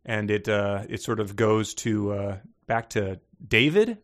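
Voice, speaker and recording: A man co-hosting a podcast, talking about a book in a rambling, halting way with frequent restarts. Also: fairly low pitch. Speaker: podcast co-host. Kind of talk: casual chat about a book.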